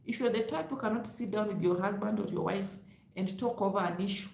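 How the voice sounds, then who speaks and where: A woman with a lilt speaks straight to her viewers, loud and emphatic, scolding and teasing in turn. Her voice sits in a middle register and rings out in a roomy space. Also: medium pitch, brisk, creaky. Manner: loud, emphatic, lecturing with laughs. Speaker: travel vlogger. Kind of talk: direct-to-camera advice vlog.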